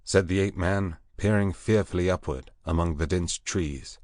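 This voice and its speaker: A man narrating an audiobook in a measured, deliberate reading voice on a close mic. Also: sits low, a little mellow, no echo. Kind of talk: scripted narration.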